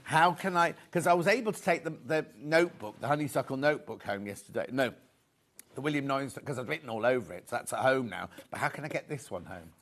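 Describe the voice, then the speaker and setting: A man's voice: medium pitch, lively intonation, fast talker, a bit bright, a little hiss or hum. A man hosting a live shopping show, chatting casually, joking with the crew and reading out viewer messages. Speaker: shopping channel host.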